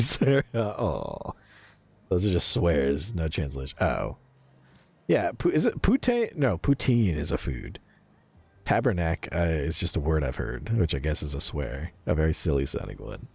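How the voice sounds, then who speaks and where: A man's voice: deep voice, very animated, a little slow, gravelly, darkish tone, husky. A man streaming a video game, chatting casually, joking and laughing often. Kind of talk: casual gameplay commentary.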